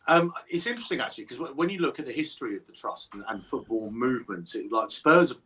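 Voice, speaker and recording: A man being interviewed as a supporters trust chairman, measured and repeating words as he thinks. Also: mid-range voice, expressive, sharp tone. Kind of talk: casual interview answers.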